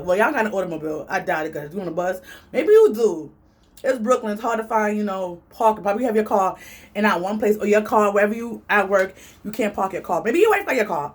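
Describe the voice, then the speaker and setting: Animated New woman vlogging. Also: moderate pace. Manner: animated and chatty, big swings in pitch. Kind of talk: casual storytelling vlog.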